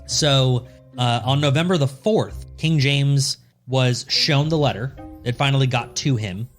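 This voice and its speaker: A man's voice: mid-range voice, a little slow, soft background music. A man co-hosting a podcast, telling a history story in a loose, joking way and swearing freely. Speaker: podcast co-host. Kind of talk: casual storytelling chat.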